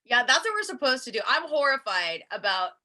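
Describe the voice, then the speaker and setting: A woman radio host chatting on a video call, telling animated stories and laughing often. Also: fairly high pitch, brisk. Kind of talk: casual video call chat.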